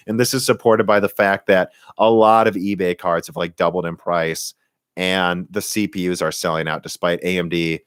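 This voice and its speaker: Midwestern guy, livestream host, low voice, dry close sound, opinionated off-the-cuff answers. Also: no room sound. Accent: Midwestern American, Minnesota, Michigan and central Illinois. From Minnesota. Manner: opinionated, talks in quick bursts with restarts and laughs. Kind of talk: casual live Q&A chat. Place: home room.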